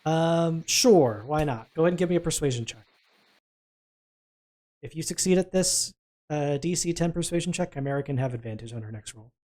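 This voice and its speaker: A man with a slightly high, darkish voice runs a game as game master. He's brisk, calling for dice rolls and narrating the results.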